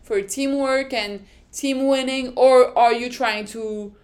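A woman from France with a French accent, hosting a podcast in a casual, excitable explainer style that often breaks into laughter. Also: high-pitched, slow. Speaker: podcast host.

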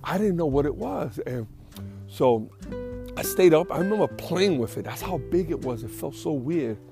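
Gravelly man telling rambling stories. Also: fairly high pitch, lively intonation, normal speed, over music. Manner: rambling, profane, self-amused. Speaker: podcast host. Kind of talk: casual storytelling.

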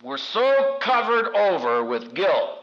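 A man's voice: very animated, slow. A man preaching a sermon with dramatic delivery and humorous asides, acting out quoted voices. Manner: dramatic, acts out quoted voices with big pitch swings. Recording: dull lo-fi recording.

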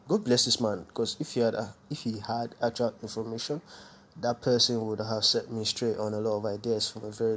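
A man with a fairly low voice talks alone on his podcast in a loose, candid way. He wanders through his story and keeps stopping to correct himself. Faint noise sits under the recording. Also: fairly bright tone. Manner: rambling, self-correcting, candid. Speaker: podcast host. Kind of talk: casual solo storytelling.

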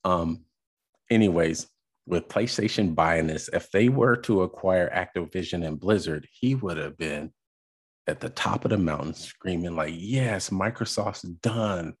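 A man hosting a podcast, reacting to a video in casual commentary, exasperated and halting with fillers. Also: sits low, husky.

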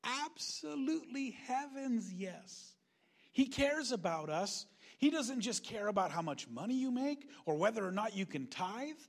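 Brief: man preaching a sermon, higher voice, animated, acts out the voices he quotes. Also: a little slow, gravelly. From Northern California. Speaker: pastor.

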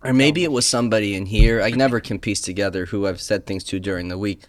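A man hosting a casual chat, lively, laughing and quoting others. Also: lowish voice, quick pace. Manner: lively, laughs, quotes people. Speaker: podcast host.

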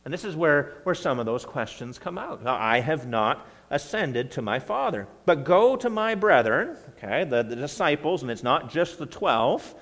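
Animated preacher in a reverberant church. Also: male voice, mid-range voice, moderate pace, hardly any pauses. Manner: conversational, animated reading of scripture with bursts of emphasis. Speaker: pastor. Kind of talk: sermon. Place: church sanctuary.

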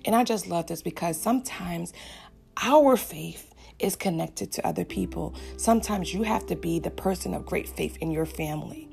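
A woman's voice: fairly low pitch, normal speed, vocal fry, darkish tone. A woman giving an earnest devotional message and a fervent prayer to her listeners. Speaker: faith speaker addressing listeners.

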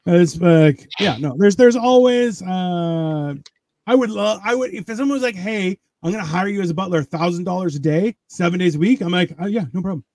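A man chatting casually on a podcast, rambling with halting restarts and crude jokes. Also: high-pitched, darkish tone, no echo. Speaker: podcast guest. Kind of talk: casual chat.

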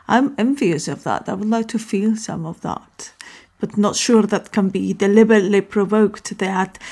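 A woman's voice: mid-range voice, creaky, darkish tone. A woman hosting a casual solo talk, rambling and often correcting herself.

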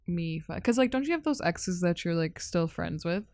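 A woman's voice: fairly low pitch, lively intonation, normal speed, a little mellow, no echo, studio quality. A young woman co-hosting a podcast, chatting casually, teasing her co-host and laughing often.

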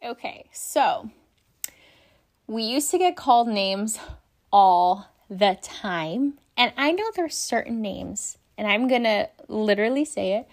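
A young woman, a former shift supervisor, telling work stories in a casual, animated way, swearing freely and acting out the people involved. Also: medium pitch, takes it slowly. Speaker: vlogger, former coffee shop shift supervisor. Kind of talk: casual storytelling rant.

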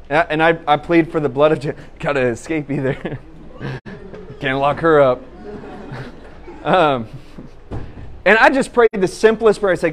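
A man's voice: fairly high pitch, moderate pace, long pauses, a little hiss or hum. A young man preaching a conversational sermon, telling a personal story with lots of laughter and restarts. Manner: animated, laughs at his own story, many restarts.

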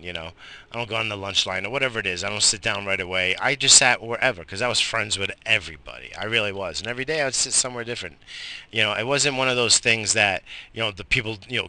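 Gravelly, profane rambling man. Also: fairly low pitch, sharp tone. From Long Island, New York. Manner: profane, rambling, restarts and trails off. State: slightly high. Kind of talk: rambling casual monologue. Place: outdoors in bright sun.

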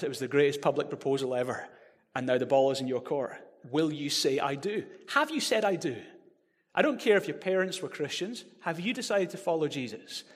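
A man preaching a sermon, animated and building to loud proclamations. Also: on the high side. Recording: reverberant hall.

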